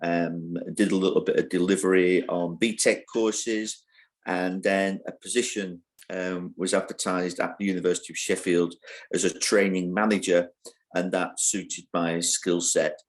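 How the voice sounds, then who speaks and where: A man's voice: deep voice, flat delivery, measured pace. An older man answering interview questions, thoughtful and hesitant, with frequent fillers. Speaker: interview guest, university training head.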